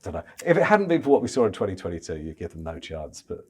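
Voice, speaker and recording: Animated, stammering male cricket pundit. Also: deep voice, quick pace, husky. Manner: stammering restarts, animated and chatty. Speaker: chief cricket correspondent. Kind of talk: casual podcast discussion.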